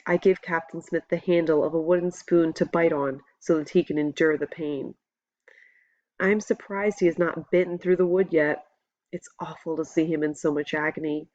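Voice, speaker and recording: A woman reading a novel aloud as a first-person audiobook narrator, in a steady, measured storytelling voice. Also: low voice, dry recording, lo-fi sound.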